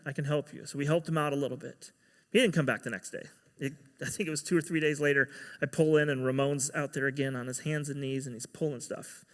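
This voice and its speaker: A man's voice: fairly high pitch, a bit bright, big-room sound. A man giving a sermon as pastor, telling a story and acting out the quoted dialogue.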